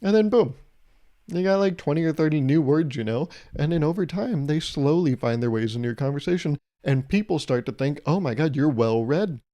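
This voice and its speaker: Mellow-voiced man, sarcastic podcast monologue. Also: a little high, lively intonation, brisk. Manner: sarcastic, rhetorical questions, playful mock advice. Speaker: podcast host. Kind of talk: solo comedic podcast monologue.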